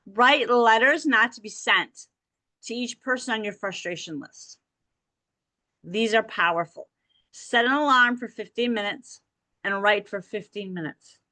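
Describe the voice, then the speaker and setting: A woman hosts a motivational podcast, speaking directly and encouragingly to listeners and often checking in with "okay?" Her voice sits on the high side with a sharp tone and a measured pace, recorded with no echo.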